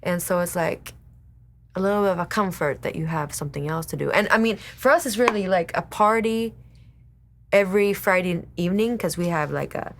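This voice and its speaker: A woman co-hosting a casual faith chat, soft-spoken and given to dropping into a whisper. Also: lowish voice, brisk, slight background noise. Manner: soft-spoken, swings between whisper and loud. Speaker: co-host.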